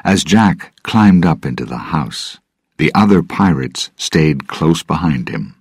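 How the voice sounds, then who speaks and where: Man narrator, very deep voice, husky, slow measured storybook reading. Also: expressive, a little mellow, dry recording, clean studio sound.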